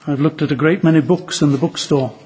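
A man preaching a sermon to fellow ministers, earnest and measured, reading a story aloud with drama. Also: fairly high pitch, steady tone, darkish tone, breathy edge.

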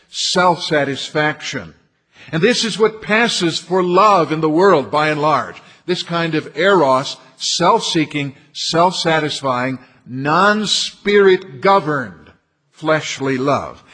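A man delivers a sermon from the pulpit, his voice sitting somewhat high for a man. He speaks in a measured way and often repeats key phrases to drive them home. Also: fairly bright tone. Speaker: preacher.

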